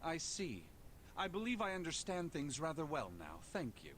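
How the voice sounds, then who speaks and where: An actor voicing a composed, refined young man in a video game, formal and measured in his speech. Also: on the high side, huge pitch swings, fairly bright tone, a little hiss or hum. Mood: calm.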